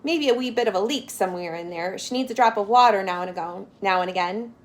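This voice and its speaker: A woman reading a storybook aloud and voicing a flustered father who bluffs loudly in a raised, hurried voice. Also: medium pitch, lightly acted. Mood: nervous bluffing. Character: flustered father, middle-aged man, bluffing.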